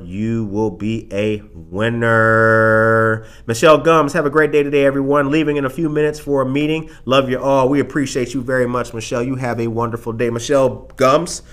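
A man's voice: mid-range voice, fairly bright tone. A man hosting a casual live talk show, emphatic and fond of repeating phrases for punch. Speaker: show host.

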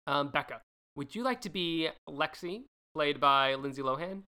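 Animated woman podcast co-host. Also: sits low, normal speed, smooth. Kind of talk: casual chat.

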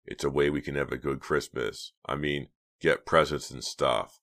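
A man voicing a sly, restless teenage boy who speaks in a low, offhand way, in an audiobook. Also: fairly even intonation, normal speed, a bit bright.

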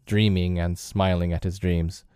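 A man narrating a classic novel as an audiobook in a measured, deliberate reading. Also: low-pitched, level tone, mellow, clear, resonant tone, no room sound, clean studio sound.

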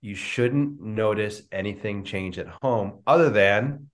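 A middle-aged man, a business coach, answering interview questions with lively storytelling and acted-out dialogue over a video call. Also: on the low side, takes it slowly. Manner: animated storyteller, acts out quoted dialogue. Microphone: remote video call.

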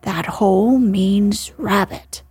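A woman voicing a cheerful, simple male teddy bear in a gentle, unhurried way. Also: mid-range voice, husky.

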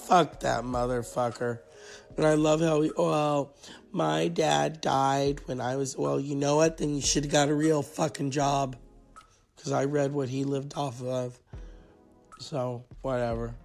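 Male podcast host, creaky mid-range voice, profane rambling sarcasm. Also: mid-range voice, flat delivery, measured pace, a little mellow, soft background music. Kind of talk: casual solo podcast rant.

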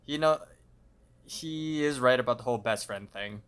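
A man's voice: mid-range voice, moderate pace, fairly bright tone, clean tone. A man co-hosting a casual podcast, chiming in with short joking remarks. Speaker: podcast co-host.

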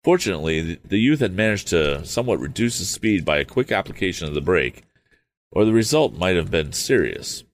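A man's voice: deep voice, very animated, brisk. A man reading an old novel aloud, stopping for hesitant, apologetic asides. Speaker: audiobook reader.

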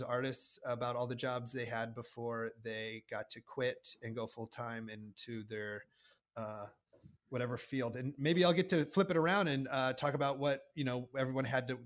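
A man's voice: mid-range voice, a bit bright. A man guest in a casual chat, eager and full of stories. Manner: eager, storytelling. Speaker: guest, podcaster.

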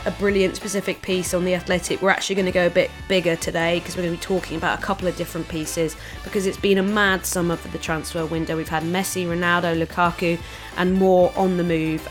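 A young woman co-hosting a football podcast, chatting casually with frequent restarts. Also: on the low side. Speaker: podcast co-host.

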